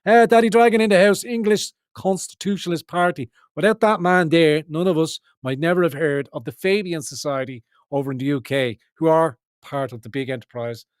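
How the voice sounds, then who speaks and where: A man's voice: on the high side, brisk, hardly any pauses, smooth, no room sound, clean studio sound. A man hosting a livestream, delivering rambling political commentary in an emphatic, profane way with many restarts. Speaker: livestream host.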